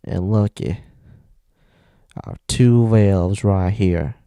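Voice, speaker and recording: A man putting on a loud Southern accent to play a crematorium worker. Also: fairly low pitch, slow pace, clean tone, no room sound, studio quality. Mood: boisterous. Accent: American Southern.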